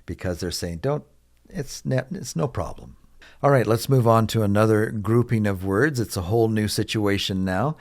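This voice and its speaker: A man gives an English lesson in a somewhat low voice. He speaks slowly and deliberately, repeating example phrases so learners can follow. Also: a little mellow. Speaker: English teacher.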